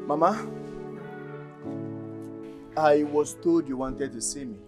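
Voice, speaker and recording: A man's voice: on the high side, slow, over music. An actor playing an aggrieved young man who explains himself respectfully, with a Nigerian accent and an indignant tone. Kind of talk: Nollywood film acting.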